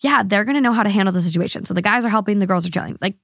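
A woman's voice: mid-range voice, rapid-fire, no echo, clean studio sound. A woman hosting a podcast, a little drunk, rambling through online comments with lots of fillers and slips. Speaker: podcast host. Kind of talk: casual chat reading online comments.

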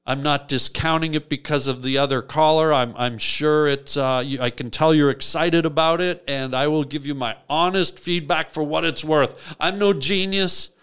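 A man hosting a comic call-in show, telling absurd stories in a deadpan rambling way. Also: a little high, moderate pace, few pauses, smooth. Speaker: radio call-in host. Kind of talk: comic radio storytelling.

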